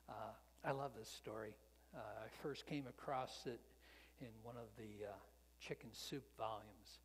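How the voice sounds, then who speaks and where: A man preaching a sermon, telling a story that swells loud and then drops to a whisper. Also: mid-range voice. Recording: long hall reverb.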